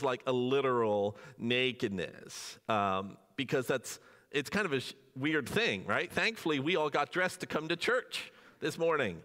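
A man's voice: medium pitch, a bit bright, long reverb tail. A man preaching a sermon as pastor in a church, conversational, asking the congregation questions and acting out dialogue. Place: church sanctuary.

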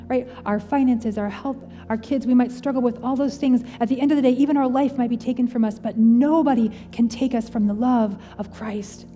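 A woman in her thirties preaches in an earnest, personal, conversational way, her voice a little high yet mellow and warm in tone. Her words ring out into a large church auditorium with a long reverb tail, and soft music plays faintly underneath. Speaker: pastor. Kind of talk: sermon.

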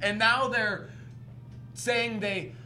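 A man co-hosting a podcast, joking and swearing in animated casual chat. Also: sits high, drawn-out words, slight background noise. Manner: animated, jokey, swears a lot. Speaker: podcast co-host.

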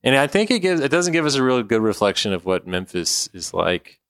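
A man's voice: medium pitch, sing-song, a little fast, fairly bright tone, dry recording, clean studio sound. A man, hosting a casual podcast chat, laid-back and joking. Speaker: podcast host, father.

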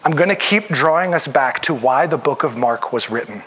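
A man preaching a sermon in a relaxed, conversational way, often acting out the voices of the people he quotes. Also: on the high side, normal speed, husky. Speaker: pastor.

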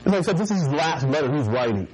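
A man's voice: a little high, big pitch swings, quick pace, crowd noise, poor audio. A man preaching a casual, joking sermon to a youth group, often mimicking people and laughing along with his listeners. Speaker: youth pastor.

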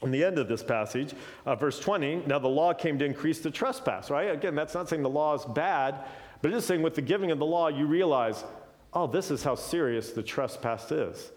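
A man's voice: on the high side, brisk. A male preacher giving a conversational Bible teaching, often checking in with "right?" and shifting his pace with energy.

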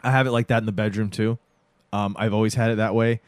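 A man's voice: lowish voice, little pitch movement, fast, no room sound. A man co-hosting a casual chat, laughing and acting out characters' lines. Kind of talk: casual chat recapping a TV show.

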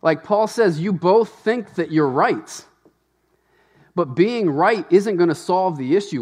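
A man with a slightly high voice preaching a sermon to his church. He talks in a loose, conversational way, full of asides and quick questions to the congregation. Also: animated, a little mellow. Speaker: pastor.

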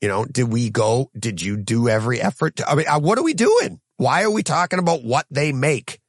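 A man hosting a solo podcast, ranting in an exasperated, animated way with lots of rhetorical questions. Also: medium pitch, a little fast, no room sound, studio quality. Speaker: podcast host.

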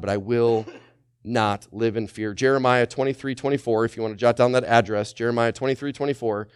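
Pastor preaching with rising fervor. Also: male voice, medium pitch, no echo, clean studio sound. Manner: prays quietly, then preaches with rising, call-and-response intensity. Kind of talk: sermon with congregational prayer.

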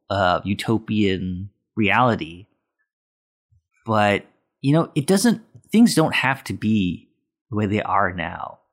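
Guy cohosting a film podcast, chill and a bit rambly. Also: lowish voice. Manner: explains rules loosely with fillers. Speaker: podcast co-host. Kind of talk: casual movie podcast chat.

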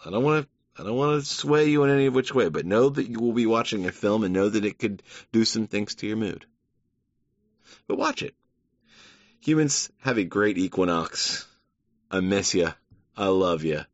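A man's voice: fairly low pitch, moderate pace, no echo. A man hosting a solo podcast, playful, laughing at his own jokes and talking straight to listeners. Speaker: podcast host. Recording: dull lo-fi.

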